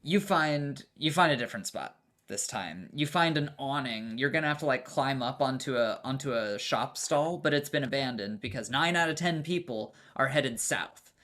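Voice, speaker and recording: A man's voice: medium pitch, animated, moderate pace, fairly bright tone. A man narrating as game master of a tabletop game, casual and profane, with many fillers and restarts.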